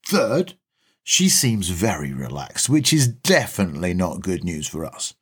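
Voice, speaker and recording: A man's voice: low voice, very animated, unhurried, breathy edge. A man reading a comic short story aloud in a wry, chatty first-person voice.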